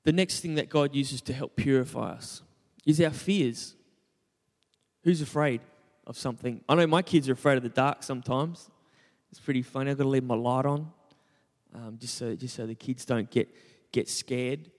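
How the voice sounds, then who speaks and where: A man's voice: mid-range voice, normal speed, big-room sound. A young man preaching a conversational sermon, joking about himself and asking the congregation questions. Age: young adult. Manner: conversational, self-deprecating, asks the congregation questions. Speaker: pastor.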